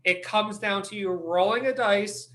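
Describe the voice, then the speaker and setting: A man hosting a casual podcast as dungeon master, animated and swearing freely as he explains things. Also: high-pitched. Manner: animated, swears freely, talks in quick restarts.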